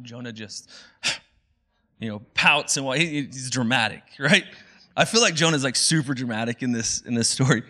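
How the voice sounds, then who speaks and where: A male pastor preaching a sermon in a casual, animated, conversational way. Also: medium pitch, moderate pace.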